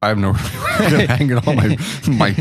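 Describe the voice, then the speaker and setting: A man's voice: mid-range voice, animated, a little slow, husky, no echo, clean studio sound. A man co-hosting a podcast, telling self-deprecating stories in casual, rambling chat. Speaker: podcast co-host.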